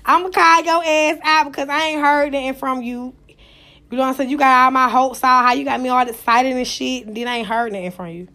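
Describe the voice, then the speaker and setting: Loud, profane high-voiced woman host. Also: brisk. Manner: loud, profane, fussing and animated. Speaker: live audio room host. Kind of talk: casual live-stream chat.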